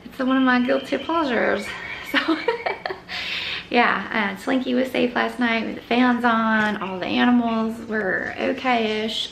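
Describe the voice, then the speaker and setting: A woman's voice: fairly high pitch, steady tone, slow, vocal fry, fairly bright tone, a little hiss or hum. A woman chatting casually in a home vlog, rambling about her garden and cooing at her dog. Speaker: vlogger.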